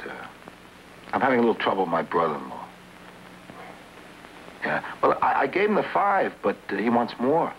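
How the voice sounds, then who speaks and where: A stammering, nervous debtor. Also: male voice, medium pitch. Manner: stammering, anxious, pleading. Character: nervous, pleading brother-in-law in debt. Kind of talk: 1960s TV drama acting. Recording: dull old TV soundtrack with hiss.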